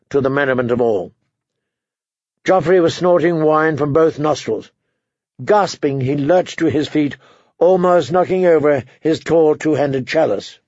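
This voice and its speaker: A man narrating a fantasy novel as an audiobook, with measured, dramatic storytelling. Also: medium pitch, darkish tone, dry recording. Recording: dull, muffled audiobook recording.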